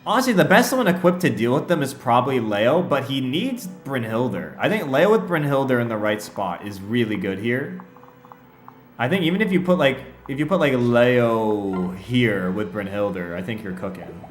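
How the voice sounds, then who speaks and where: Lively, chatty male streamer in an echoey room. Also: medium pitch, normal speed. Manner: chatty, laughs often, talks straight to his chat. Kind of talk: casual livestream chat and game commentary. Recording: echoey room with faint music.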